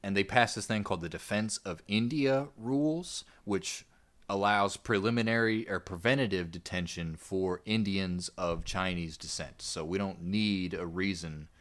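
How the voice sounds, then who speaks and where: A man's voice: deep voice, moderate pace, fairly bright tone. A man co-hosting a casual history podcast, laid-back and swearing now and then as he tells the story. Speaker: podcast host.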